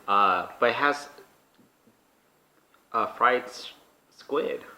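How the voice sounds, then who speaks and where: A man who is a guest on a food vlog, talking in a relaxed way and often hesitating to find his words. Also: mid-range voice, extremely slow. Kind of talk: casual chat.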